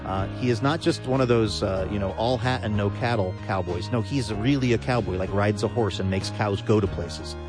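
A man's voice: lowish voice, moderate pace, few pauses. A man hosting a radio show, reading its links in a breezy, joking way. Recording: studio voice over a music bed.

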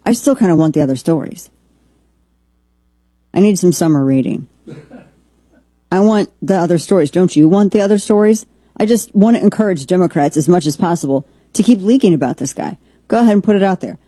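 A woman's voice: on the low side, dark tone, husky, no echo. A woman hosting a political commentary show, opinionated and rambling, with frequent restarts. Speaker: podcast host.

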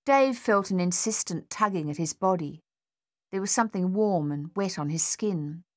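An audiobook is narrated by a woman whose voice is pitched fairly low. She reads the scripted story in a measured, even-keeled manner.

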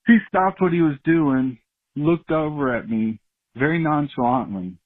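Husky-voiced man over a phone line. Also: on the high side, unhurried, dry recording. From Florida. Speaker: caller.

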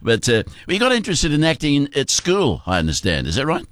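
An older Australian man hosting a weekend radio show, friendly and halting, with lots of fillers. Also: a little high, wildly swooping pitch, a bit bright, no room sound. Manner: friendly, hesitant with many fillers. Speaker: radio host. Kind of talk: casual radio interview.

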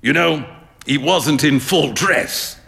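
An actor playing a hearty, mocking male artist friend who laughs and teases loudly. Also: slow, creaky, long reverb tail, noisy background, heavily acted. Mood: amused. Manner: booming, laughing, teasing.

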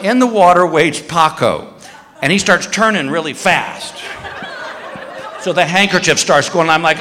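A man doing stand-up, telling a story and shouting out the acted-out bits. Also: high-pitched, animated, moderate pace, a little hiss or hum. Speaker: stand-up comedian. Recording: echoey hall, faint ambience.

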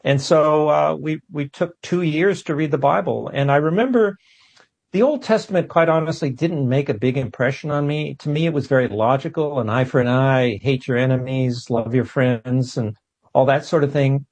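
A man as a talk-show guest, telling a personal story in an animated way and often repeating words as he goes. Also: a little high, normal speed, gravelly. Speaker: guest scientist.

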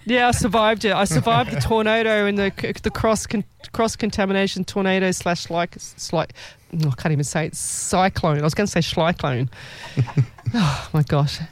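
A woman's voice: medium pitch, fairly quick. Rambling woman giving psychic readings. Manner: rambling, self-correcting, laughs often. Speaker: psychic medium. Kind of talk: live psychic reading on a show.

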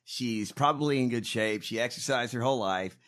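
A man co-hosting a comedy podcast, talking in a loud, profane, ranting way. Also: medium pitch, fairly quick. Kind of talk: casual profane comedic chat.

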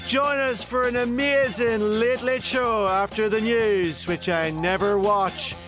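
Man as a weepy, high-voiced TV chat host, fighting back tears. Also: fairly even intonation, a little slow, a bit bright, faint music behind. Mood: teary. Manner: weepy, breaking up mid-sentence. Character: tearful, emotional male TV chat show host.

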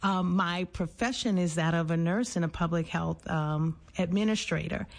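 Gravelly-voiced woman, measured and thoughtful. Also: on the low side. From New Orleans. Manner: thoughtful, measured, with frequent fillers. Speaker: nurse and public health administrator. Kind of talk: conversational interview.

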